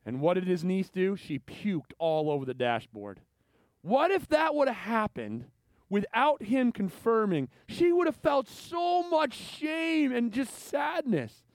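A male pastor delivers a sermon in a high, very lively voice that swings widely in pitch. He tells his stories animatedly and acts out the voices of the people in them. The sound is dry and close. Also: unhurried, dry recording. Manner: animated storytelling, acting out quoted voices.

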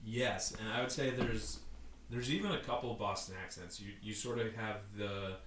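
A man with a bright, forceful voice in casual chat, talking in eager bursts and laughing often. He sounds a little low-pitched, and the room around him is echoey with a faint hiss. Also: normal speed. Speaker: conversation partner.

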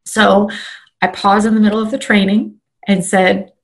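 Woman, animated storyteller, middle pitch, voices her inner thoughts as she goes. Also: moderate pace. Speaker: live online trainer. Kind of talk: personal storytelling.

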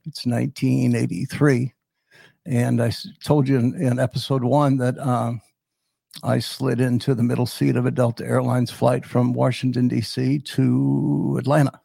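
An older man in his seventies tells his story with a deep gravelly rasp and a mellow, husky tone. He rambles a little, with fillers and restarts. The sound is close and dry. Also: level tone, normal speed, dry recording. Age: 70s. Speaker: podcast host. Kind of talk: personal storytelling.

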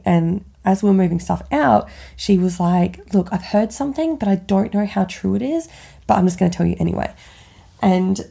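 A woman's voice: medium pitch, creaky, mellow, slightly rough. A woman podcast host candidly telling a personal story in casual chat, swearing freely and filling with "like". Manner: candid, swears freely, chatty with many likes.

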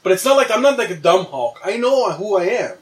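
A man's voice: high-pitched, very animated, brisk, far from the mic. A young man animatedly telling a wild dream story in casual chat, swearing and laughing as he goes.

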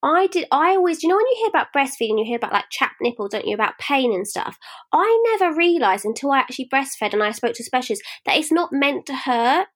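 A podcast co-host with a high-sitting voice talks fast in casual chat. She tells frank, animated stories and acts out what people said.

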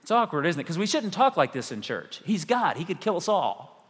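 Male pastor, animated sermon delivery with dramatic pauses; long hall reverb. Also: fairly high pitch, husky. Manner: animated preaching with rhetorical questions and dramatic pauses.

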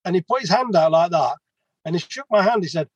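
Man in his fifties, husky, a little high, dry close sound, chatty storyteller. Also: animated, fast talker, dry recording, highs cut off. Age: 50s. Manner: chatty, rambling anecdotes with laughs. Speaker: plumber, interview guest. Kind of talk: casual storytelling.

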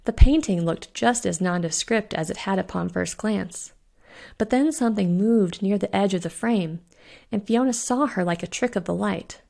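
A woman who hosts a podcast, narrating her own spooky short story in a measured, suspenseful way. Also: medium pitch, vocal fry, darkish tone. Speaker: podcast host and author reading her story. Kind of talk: audiobook narration.

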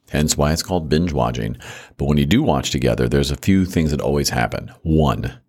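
A middle-aged man hosting a comedic relationship monologue, playful and teasing, sliding into a low seductive purr. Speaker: podcast host.

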